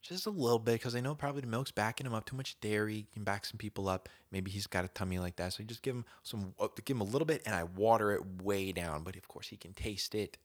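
This young man hosting his podcast talks quickly with few pauses in a lowish voice, telling a slangy, lively story and acting it out with sudden whispers and shouts.

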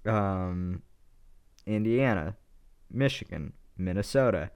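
A woman co-hosting a podcast in casual chat, dry and teasing with a deadpan delivery. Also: very deep voice, slow, clean tone, no room sound. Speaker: podcast co-host.

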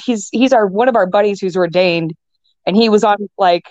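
A woman's voice: mid-range voice, moderate pace, a little mellow. A young adult woman in casual chat as a guest, rambling with fillers and restarts. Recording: dull lo-fi sound.

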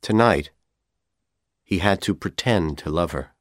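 A man whose first language is Persian, reading a novel aloud as audiobook narration with expressive storytelling. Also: sits low, a little slow, no room sound, studio quality. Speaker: audiobook reader.

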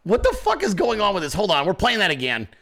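A man's voice: high-pitched, huge pitch swings, fast talker. A man hosting a podcast, ranting in crude, mocking commentary. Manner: crude, mocking, loud impressions. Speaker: podcast host.

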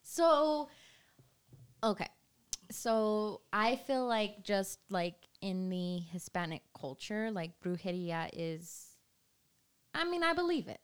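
Young woman cohost, chatty and giggly, says like a lot, middle pitch. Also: slow pace, clear, resonant tone. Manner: giggly, animated storytelling with lots of "like". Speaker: podcast co-host. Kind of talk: casual chat.

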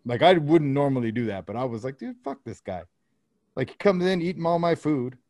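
A man's voice: fairly high pitch, expressive, fast, darkish tone, no room sound, studio quality. A man, likely in his thirties, telling a rambling, profane story about his kids in casual chat. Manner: rambling, profane anecdote-telling with quoted dialogue.

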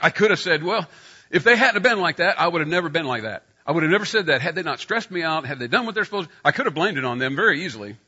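A middle-aged man preaches a sermon built around a personal story, getting loud when he acts out scenes. His voice is medium-pitched, and the sound is lo-fi.

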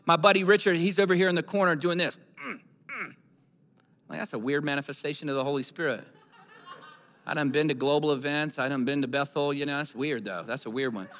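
A man preaching in a large church hall, his bright, forceful voice ringing with long reverb. He tells a story and builds to emphatic, repeated declarations, pitched a little high for a man. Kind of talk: sermon storytelling.

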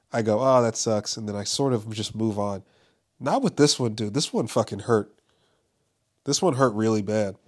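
A young man holds forth in a loose, rambling monologue, his voice sitting a little on the low side. He swears freely and trips over restarts and fillers as he talks. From Los Angeles. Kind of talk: casual monologue.

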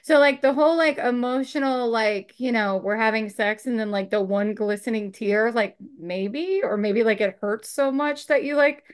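A woman's voice: a little high, moderate pace, few pauses, clean tone. A woman podcast co-host, a mother of teens, chatting casually, swearing freely and laughing often. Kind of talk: casual chat.

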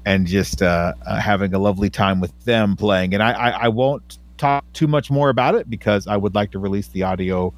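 Man, low voice, slow and halting, lots of ums, dry close sound. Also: no echo. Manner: hesitant, many fillers and restarts. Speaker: podcast co-host. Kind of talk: casual chat.

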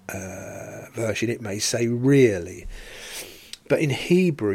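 A man teaching a Bible study in a podcast, explaining verse by verse and posing rhetorical questions. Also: medium pitch.

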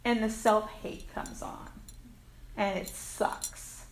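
A woman's voice: medium pitch, fairly even intonation, takes it slowly. An older woman sharing her recovery story at a meeting, candid and frank, swearing casually and laughing at herself. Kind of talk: personal recovery share. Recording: echoey room with faint ambience.

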